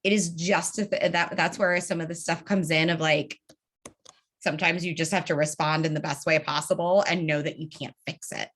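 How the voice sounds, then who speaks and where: A woman's voice: fairly low pitch, vocal fry, fairly bright tone. A woman leading an online training session over a video call, talking casually and acting out example dialogues. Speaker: organizing trainer.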